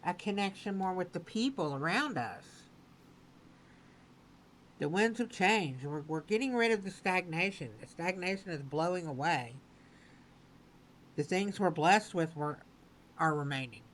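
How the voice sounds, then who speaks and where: A woman giving a spoken tarot reading, repeating her phrases slowly and with emphasis. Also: fairly low pitch, animated, a little hiss or hum, rough recording. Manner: slow, repetitive, affirming phrasing. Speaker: tarot reader.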